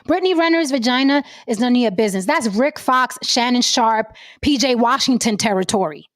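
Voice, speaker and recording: A woman's voice: fairly high pitch, animated, fairly quick, fairly bright tone, dry recording, clean studio sound. A woman hosting a podcast, ranting about celebrity gossip in a brash, profane, blunt manner. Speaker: podcast host.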